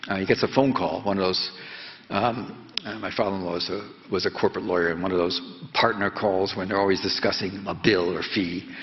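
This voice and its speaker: A reporter in his seventies gives a talk to students in a lecture hall, telling a story and prodding the audience with quick questions. His low-pitched voice stays fairly even, and his delivery is halting and full of fillers. The sound is dull and lo-fi, with the hall's echo.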